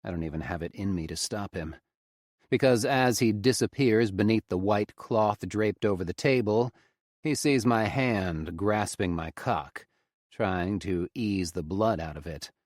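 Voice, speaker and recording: Male audiobook narrator, really low voice, first person romance reading, dry close mic. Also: a little slow, a little mellow, dry recording.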